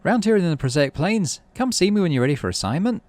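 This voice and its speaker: A man's voice: high-pitched, very animated, fast, a little mellow, no echo, pitched above the performer's own voice. A man voicing a tough, teasing woman survey leader in a put-on Northern Irish accent, with a drawl. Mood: gruff teasing.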